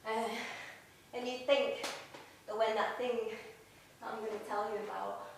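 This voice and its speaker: Slow-talking Wigan woman on a stage. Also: fairly high pitch, fairly even intonation, creaky. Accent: Wigan, northern English. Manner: halting, conversational, with many pauses. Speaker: stage performer. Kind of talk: theatre monologue. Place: arts centre theatre stage. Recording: echoey hall from far off, faint hiss.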